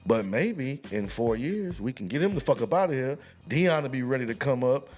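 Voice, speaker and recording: A man co-hosting a casual sports podcast, telling animated, profane stories and laughing often. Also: medium pitch, moderate pace, soft background music. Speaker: podcast co-host.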